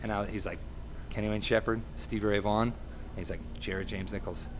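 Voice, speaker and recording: Male guest musician, animated storyteller who voices the people he quotes, faint hiss. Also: on the low side, brisk. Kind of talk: casual storytelling interview.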